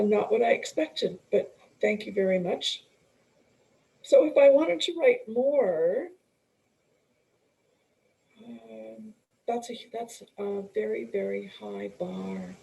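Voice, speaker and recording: A middle-aged woman, a coach and author, telling her story as a guest in an interview, earnest and unhurried, often restarting and clearing her throat. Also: mid-range voice, warm tone, rough recording.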